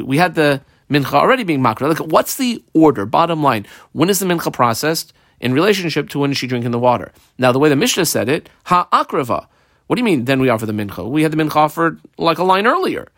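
A man's voice: on the high side, dry recording, studio quality. A man teaching a Talmud class, reading the Aramaic text aloud, explaining it in English and asking and answering his own rhetorical questions. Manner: lively, asks rhetorical questions and answers them.

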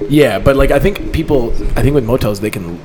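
A man's voice: mid-range voice, a little fast, a little mellow. Casual male podcast co-host, laughing and profane, noisy recording. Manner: laughs often, loose and profane. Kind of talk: casual chat.

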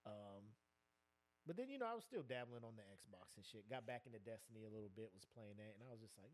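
Animated laughing man on a podcast. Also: on the low side, fast talker. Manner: animated, laughing often, acting out quotes. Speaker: podcast co-host. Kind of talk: casual comedic chat.

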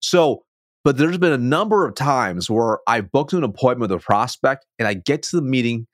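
A man being interviewed as a sales coach, a self-described fast talker who stumbles and restarts his words, speaking over a video call. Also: medium pitch, expressive, no echo, studio quality. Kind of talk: conversational interview.

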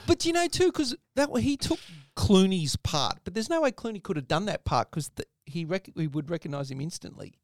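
A man co-hosts a casual film podcast with a gravelly voice and a lively, swinging pitch. He jokes and laughs often. The sound is dry and close. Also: a little fast, hardly any pauses, no echo. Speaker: podcast co-host.

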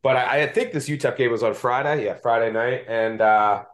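A man's voice: mid-range voice, normal speed. A man with a Delco accent hosting a casual sports betting podcast, chatty and self-deprecating. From Delaware County, Pennsylvania. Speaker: podcast host.

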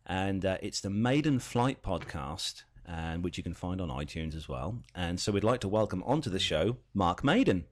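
A man's voice: sits low, animated, normal speed, hardly any pauses. A man hosting a podcast from a home kitchen, talking in a rambling, chatty way. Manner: rambling, chatty, laughs often. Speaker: podcast host. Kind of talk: casual chat.

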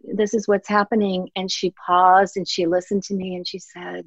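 A woman's voice: on the low side, little pitch movement, moderate pace, few pauses, no room sound, muffled recording. A middle-aged woman, an author and guest, speaking earnestly and from the heart in a reflective interview, often acting out her own past words.

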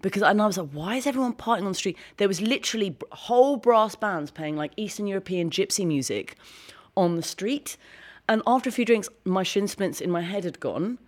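Fast-talking woman telling stories. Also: mid-range voice. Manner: fast, animated storytelling with laughs. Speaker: guest. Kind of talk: casual interview chat.

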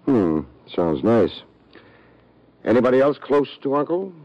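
In the style of 1950s radio drama, an actor plays a wry, hard-boiled private detective who narrates and trades dry wisecracks. His mid-range voice is sing-song and measured, with no echo and faint music behind. The recording sounds dull and lo-fi, like old radio.

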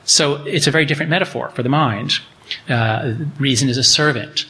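A middle-aged man lectures to a room and reads from his book, his voice bright and forward. He turns animated when he acts out the people he quotes, then drops back to plain explaining. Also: medium pitch, brisk.

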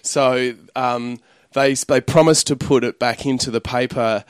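A man's voice: mid-range voice, steady tone, measured pace, clean tone, no room sound, studio quality. A man, a comedian rambling through anecdotes in casual chat and laughing often. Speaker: comedian guest.

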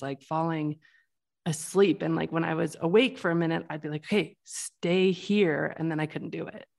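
A woman hosting a casual conversation, reacting softly and sharing her own reflections. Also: low voice, gravelly.

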